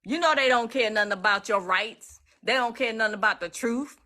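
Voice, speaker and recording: A woman from the US East Coast, talking casually to viewers on a phone live stream in an emphatic, repetitive, excitable way. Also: fairly high pitch, fairly quick. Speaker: legal activist streaming live.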